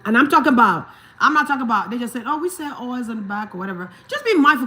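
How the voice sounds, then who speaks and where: A woman's voice: a little high, very animated, fairly quick, bright, forceful tone. A woman from Africa talking casually on a livestream as a spiritual reader. She repeats her points emphatically, asks listeners whether they understand, and laughs often.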